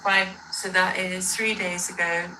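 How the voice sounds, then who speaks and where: A woman's voice: on the low side, flat delivery, a little slow, heavy background noise. A woman ranting in a reaction video, rambling, combative and correcting herself as she goes, played back during a livestream. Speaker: livestreamer in a dispute.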